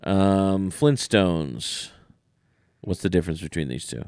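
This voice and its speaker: A man co-hosting a podcast in casual chat, animated and dismissive as he rants. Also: deep voice, takes it slowly, clear, resonant tone, no echo, clean studio sound. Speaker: podcast co-host.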